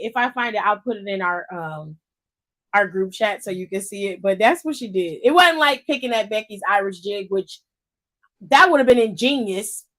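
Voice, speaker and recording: A woman's voice: medium pitch, a bit bright. A woman co-hosting a wrestling podcast, chatting casually with lots of fillers and giggles. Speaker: podcast co-host. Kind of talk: casual chat.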